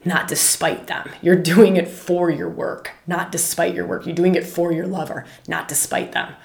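Low, gravelly woman in an echoey room. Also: moderate pace. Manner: animated, chatty, laughs often, scolds her puppy mid-talk. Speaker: podcast host and meditation teacher. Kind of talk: casual spoken teaching.

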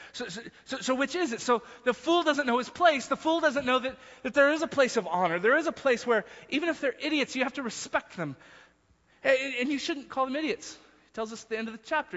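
Guy preaching a sermon, high bright voice, stumbles and repeats words a lot, echoey hall, kinda muffled. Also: fairly quick. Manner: emphatic, repeats words, acts out quotes. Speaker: pastor.

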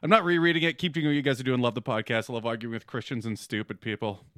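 A man co-hosting a comedy podcast who reads a listener email aloud, with wry, deadpan jokes and frequent laughter. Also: medium pitch, rapid-fire, clear, resonant tone, no room sound, clean studio sound. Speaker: podcast co-host. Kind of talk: crude comedic banter, reading listener email.

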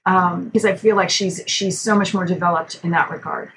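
A woman's voice: fairly low pitch, steady tone, normal speed, fairly bright tone, a little hiss or hum, rough recording. A woman author answering an interview question in a reflective, hesitant way. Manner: reflective, hesitant, with restarts and fillers. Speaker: author guest.

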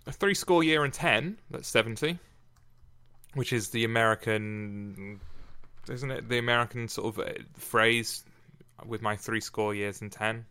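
A man's voice: lowish voice, bright, forceful tone, clear, resonant tone. An English man who hosts a podcast, reading a sonnet aloud and then bantering playfully with a guest. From Britain. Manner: playful, teasing, quick asides. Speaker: podcast host and reader.

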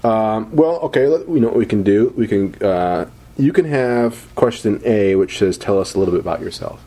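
A man's voice: lowish voice, expressive, dark tone. A man co-hosting a podcast, chatting and joking casually with many fillers and restarts. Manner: rambling, halting with many fillers. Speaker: podcast co-host.

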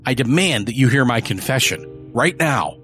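A man's voice: medium pitch, moderate pace, fairly bright tone, soft background music, close to an everyday voice. A man voicing an arrogant rich young killer, who boasts in a cold, offhand way. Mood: demanding. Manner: casual, callous boasting.

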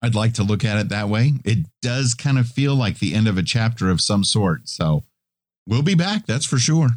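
A man co-hosting a podcast in casual chat, with a relaxed, wry way of talking. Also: lowish voice, moderate pace, no room sound, studio quality. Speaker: podcast co-host.

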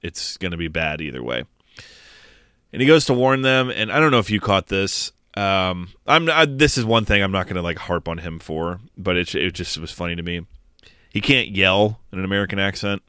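A man with a very low, smooth voice riffs through a movie recap, swearing freely and laughing at the plot. He sounds close to the mic in a dry, dead room. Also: animated, moderate pace, pushed and bright, no echo. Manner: profane, joking, recaps scenes. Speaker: podcast co-host. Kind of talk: casual movie review chat.

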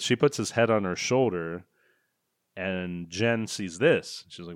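A man's voice: low voice, a little slow, dry recording, studio quality. A man co-hosting a comedy podcast, recapping a film in a sarcastic, profane, mocking way.

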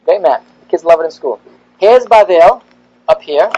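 A man, a rabbi, giving a classroom lecture, animated and rising in pitch as he acts out the prophets' complaints. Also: normal speed, slightly rough, highs cut off.

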